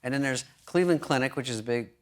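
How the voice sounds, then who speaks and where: A male comedian telling stories on a talk show in a dry, sarcastic way, with lively quoted voices. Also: mid-range voice, fast talker. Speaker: guest comedian. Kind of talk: anecdotal talk-show storytelling. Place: TV studio before an audience.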